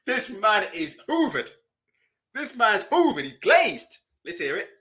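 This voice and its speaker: Guy streaming reactions, high bright voice, chatty and mocking. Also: huge pitch swings, a little slow. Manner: chatty, mocking, laughs often, asks rhetorical questions. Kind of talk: casual live-stream reaction commentary.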